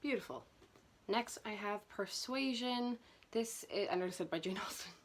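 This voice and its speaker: A woman's voice: mid-range voice, normal speed. A young woman chatting nervously and self-consciously through her book collection for a vlog. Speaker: booktuber. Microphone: camera mic.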